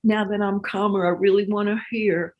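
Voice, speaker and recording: A woman guest in an interview, a relationship teacher speaking in a measured, reflective, earnest way. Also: mid-range voice, flat delivery, muffled recording. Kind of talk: interview conversation.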